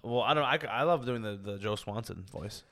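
A man's voice: lowish voice, brisk, fairly bright tone. A man hosting a podcast, talking casually with a lot of slang and swearing. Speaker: podcast host. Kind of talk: casual chat.

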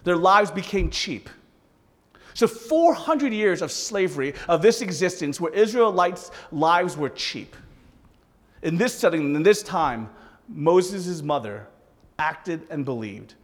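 Male pastor, sermon, high voice, animated, joking asides, echoing hall. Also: slow pace. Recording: reverberant hall.

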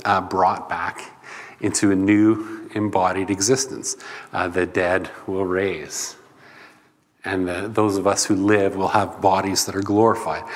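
Conversational low-voiced male preacher, reverberant room. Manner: conversational, loose teaching with fillers and asides. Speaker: pastor. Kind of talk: sermon.

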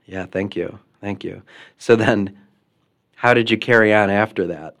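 A priest hosting a podcast, asking questions and giving soft, affirming replies. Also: male voice, on the low side, measured pace, gravelly. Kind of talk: interviewing, brief responses.

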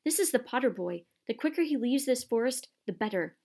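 A young male centaur with a calm, solemn manner , read by a woman. He speaks gravely and evenly, with a slightly gravelly voice, in a storybook reading. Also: a little high, voice pushed up. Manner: solemn, measured.

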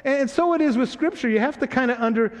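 A man's voice: extremely high pitch, fast. A man preaching a sermon as pastor, conversational and teasing, often checking in with his congregation. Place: church sanctuary. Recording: long hall reverb.

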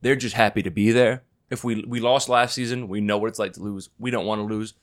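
Loud, argumentative man hosting a podcast. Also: fairly low pitch, fairly even intonation, fairly quick. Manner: loud, argumentative, swears a lot. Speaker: podcast host. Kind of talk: casual chat.

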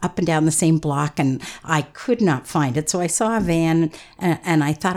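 A woman's voice: deep voice, lively intonation, moderate pace, hardly any pauses, a little mellow. A woman guest on a radio talk show, telling funny stories in a chatty way and laughing often. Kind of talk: storytelling radio interview.

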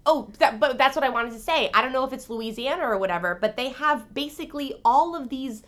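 A young woman co-hosting a casual true-crime podcast, animated and swearing freely with rambling asides. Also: high-pitched, fairly quick. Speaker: podcast co-host.

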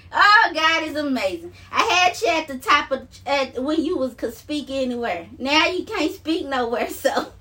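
A woman's high-pitched, pushed and bright voice comes through a distant phone mic as she paces and records herself. Describing herself as a minister, she offers viewers an emotional testimony, repeating herself fervently with frequent exclamations and laughs.

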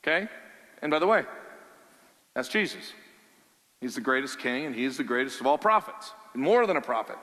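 Male pastor, sermon delivery, lively and conversational, bright forceful tone, hall reverb. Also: mid-range voice, normal speed, long pauses. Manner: animated, conversational preaching with rhetorical questions.

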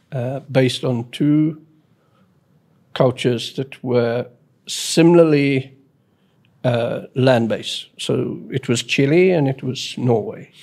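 A man's voice: mid-range voice, a little mellow. A man in casual chat, explaining his thoughts reflectively.

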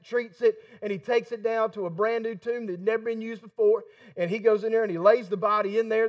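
A man preaching a sermon in a folksy, emphatic way, getting excited as he talks. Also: sits high, distant mic, dull audio. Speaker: pastor.

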